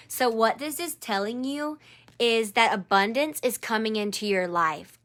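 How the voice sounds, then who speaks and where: With a fairly high, fairly bright voice, a woman conducts an angel card reading on a live stream. She calls one viewer by name, offers her encouragement, and echoes her phrases back.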